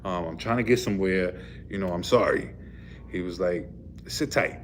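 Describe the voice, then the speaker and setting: A man's voice: low-pitched, normal speed, slight background noise. A man, a truck driver, casually retelling a run-in with the police, rambling and full of fillers. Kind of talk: casual storytelling vlog. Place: in a vehicle.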